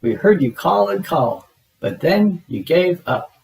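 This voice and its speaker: A man's voice: high voice, sing-song, unhurried, vocal fry, darkish tone, recorded from a distance, pitched above the performer's own voice, heavily acted, poor audio. A man doing Grover, a dramatic little monster. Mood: proud. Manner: formal, theatrical. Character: small furry dramatic male monster.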